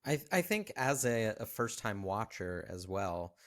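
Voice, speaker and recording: A young man co-hosting a podcast, chatting casually about a movie and pausing with ums as he talks. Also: fairly low pitch, big pitch swings, a bit bright. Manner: hesitant, many ums and throat clearing. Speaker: podcast co-host.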